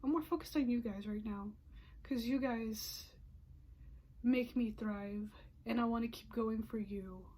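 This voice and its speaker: A woman's voice: fairly high pitch, unhurried, a little mellow. A young adult woman vlogger telling a personal story in a storytime monologue, emotional and often dropping into whispered asides, with frequent "you know" fillers.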